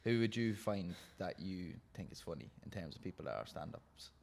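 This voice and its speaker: A man's voice: sits low, lively intonation, normal speed, creaky, darkish tone. A man hosting a casual podcast interview, talking in a rambling, stop-start way and repeating words as he goes. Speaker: podcast host and coach.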